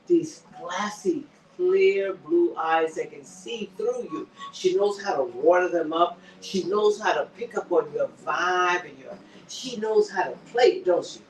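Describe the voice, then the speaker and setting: A man co-hosting a casual TV recap chat, retelling the scenes in an animated, dramatic way. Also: high-pitched, a little slow, slight background noise. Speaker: co-host. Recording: roomy sound from a distant mic.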